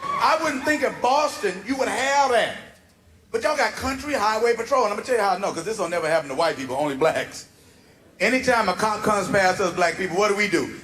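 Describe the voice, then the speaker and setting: A man performing a stand-up routine, animated and acting out voices as he tells a story. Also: high voice, quick pace. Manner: animated storyteller, acts out voices, laughs through lines. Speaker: stand-up comedian. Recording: live venue with loud audience laughter. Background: audience laughing and clapping.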